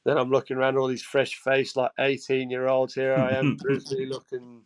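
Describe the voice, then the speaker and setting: A man in his twenties from England with a Geordie accent, a podcast guest telling animated stories and laughing often. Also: medium pitch, normal speed, clean tone. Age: 20s. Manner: animated, laughing, acts out quoted voices. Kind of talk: casual storytelling chat.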